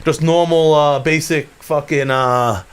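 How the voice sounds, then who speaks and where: A young man tells a long rambling story to a friend on his podcast. His voice sits high for a man, and he laughs and swears his way through the tale. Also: fairly even intonation, measured pace, clear, resonant tone. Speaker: podcast host. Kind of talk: casual storytelling chat.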